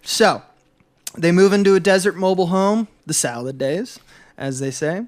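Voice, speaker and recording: A man on a film podcast, recapping the plot in a loose, meandering way, filling the gaps with "uh" and "like." His voice is slightly high for a man and smooth and clear. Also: normal speed. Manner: rambling, full of "uh" and "like". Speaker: podcast co-host. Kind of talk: casual film discussion.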